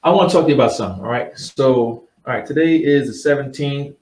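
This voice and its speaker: A father rounding up his wife and kids at dinner, coaxing and rambling, calmly announcing that he plans to die, as a man acts him out. The voice sits at a middle pitch and sounds roomy, as if the mic were some distance away. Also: fast, a little hiss or hum, lightly acted. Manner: coaxing, rambling family pep talk.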